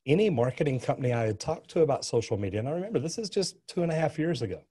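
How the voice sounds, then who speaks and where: A man's voice: medium pitch, big pitch swings, rapid-fire, mellow, breathy edge. A middle-aged man, a plumber and interview guest, telling a story earnestly with frequent restarts. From US West Coast.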